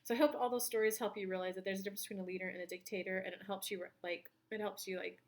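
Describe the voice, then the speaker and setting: Talking very fast in a mid-range voice with fairly even intonation, a tarot reader and spiritual coach runs through her monthly reading. She keeps it chatty, full of personal stories, and acts out the voices of people she quotes.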